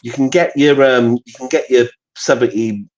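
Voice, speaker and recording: Blunt man, swears freely, talks in loops, relaxed live-stream chat. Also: mid-range voice, moderate pace, poor audio. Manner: blunt, sweary, repeats himself. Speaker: guest on a live stream panel. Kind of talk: casual chat.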